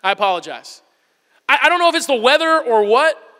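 A man in his thirties, a pastor, preaches with a very high, bright, forceful voice. He tells stories at a quick clip, acting them out as he goes. His voice rings with the long reverb of a large hall. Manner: animated storytelling, acts out whisper-yelling. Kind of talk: sermon.

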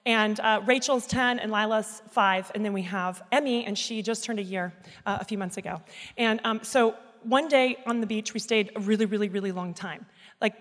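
A woman in her thirties speaking into a microphone at a church service, telling a candid personal story in an animated, self-mocking way. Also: a little high. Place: church auditorium. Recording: echoey hall sound.

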